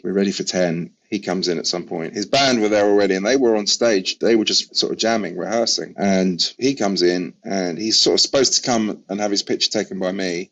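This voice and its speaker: English man telling stories, low voice. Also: dull audio. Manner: chatty, animated retelling with asides. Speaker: photographer guest. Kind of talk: casual anecdotal storytelling.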